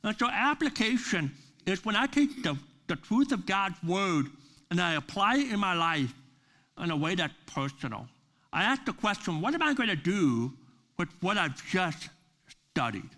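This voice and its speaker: A man preaching a sermon as pastor at a church service, earnest and building to forceful emphasis on key words. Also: high voice, sing-song, normal speed.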